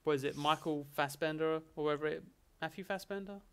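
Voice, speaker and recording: A man's voice: fairly high pitch, brisk, gravelly, clear, resonant tone. A man chatting casually and jokily as host of a live-stream Q&A. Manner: animated, chatty, jokey banter with chat. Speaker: streamer hosting a Q&A.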